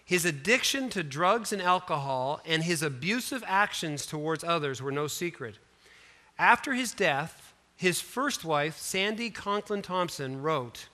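A male pastor delivering a sermon, telling stories in an animated way with conversational asides to the congregation. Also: sits high, unhurried. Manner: animated storytelling, voice rising and falling for emphasis.

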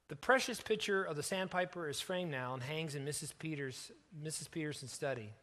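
Earnest pastor telling a story. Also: male voice, a little high. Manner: earnest, slows and softens for emotional moments. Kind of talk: sermon storytelling.

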